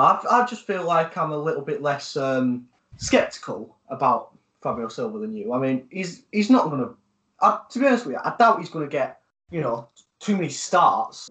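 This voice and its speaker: A man's voice: fairly high pitch, fairly bright tone. Hesitant man talking football. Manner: hesitant, many fillers, measured. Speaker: podcast co-host. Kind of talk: casual football chat.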